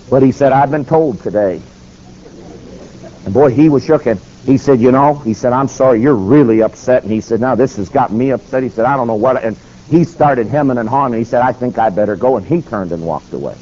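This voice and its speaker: A man preaching, telling a story and acting out the quotes. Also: brisk. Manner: animated, acts out quotes with shifting pitch. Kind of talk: sermon storytelling. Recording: slightly dull recording with faint noise.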